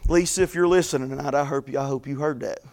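A man preaching a fervent sermon, moving between quiet folksy stories and loud repeated calls of blessing. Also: medium pitch, fairly even intonation, quick pace.

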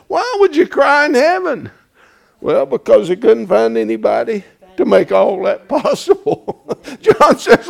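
A preacher with a gravelly, fairly high voice works through his sermon at an unhurried pace. He builds to loud, tearful peaks, then sinks back to a low, quiet delivery. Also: very animated. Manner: rising to shouted, tearful crescendos, then dropping low. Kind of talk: fiery sermon.

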